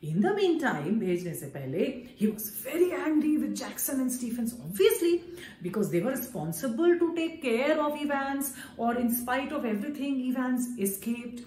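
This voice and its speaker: A woman's voice: sits high, very animated, fairly quick, darkish tone. A woman with an Indian English accent explaining a story to students as their English teacher, often slipping into Hindi and checking in with "okay". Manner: explanatory, mixing Hindi into English, frequent "okay" and "you know". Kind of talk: classroom lesson explanation. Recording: echoey room.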